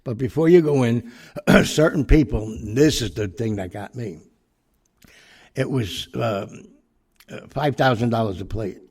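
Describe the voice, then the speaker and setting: A man's voice: mid-range voice, a little slow, a little mellow, husky. An older man tells a rambling, profane anecdote, full of fillers and restarts. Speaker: storyteller. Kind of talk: casual anecdote.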